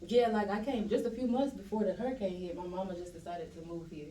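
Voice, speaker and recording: Louisiana girl on a podcast, animated and laughing, kinda far from the mic in an echoey room. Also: mid-range voice, fast talker. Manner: animated, laughing, quotes herself. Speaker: podcast guest. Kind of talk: casual storytelling chat. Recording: roomy room, distant mic, faint hiss.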